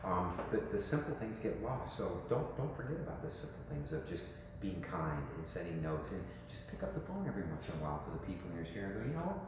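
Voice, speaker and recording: A man in his fifties coaching a room of real estate agents in a lively, joking way, asking "right?" often. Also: deep voice, fast talker. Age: 50s. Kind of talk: talk to a room. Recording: echoey hall with faint noise.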